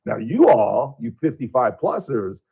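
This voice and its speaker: A man's voice: mid-range voice, very animated, moderate pace, gravelly, warm tone, breathy edge. A middle-aged male radio host chatting casually and rambling through anecdotes in the studio. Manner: rambling storyteller, imitates voices in anecdotes.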